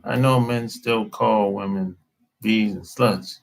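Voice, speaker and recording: A man talking casually as a dating coach, slow and drawling, often breaking into laughter. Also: fairly low pitch, steady tone, gravelly. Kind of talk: casual live-stream talk.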